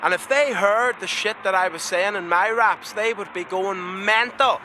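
A man's voice: high voice, moderate pace, background noise. A man with a Northern Irish accent, a rapper who talks bluntly and swears freely. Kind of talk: casual chat, then rapping.

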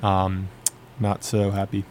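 A man's voice: sits low, completely flat delivery, takes it slowly, darkish tone, a little hiss or hum. A young man co-hosting a college radio show, chatting casually and rambling with lots of filler words. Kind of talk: casual chat.

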